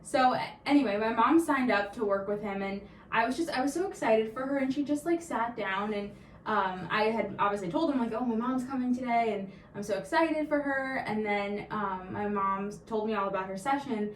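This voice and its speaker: A woman's voice: fairly high pitch, a little fast, recorded from a distance. A woman in her twenties co-hosting a podcast, chatting casually with many fillers and frequent laughs. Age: 20s. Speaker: podcast co-host. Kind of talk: casual chat. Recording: roomy echo, from off-mic, faint noise.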